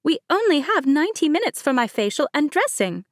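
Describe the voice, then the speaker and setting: A woman voicing a nervous, demanding young bride in an audiobook, talking in a high-strung, whiny way. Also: big pitch swings, brisk, no echo, studio quality.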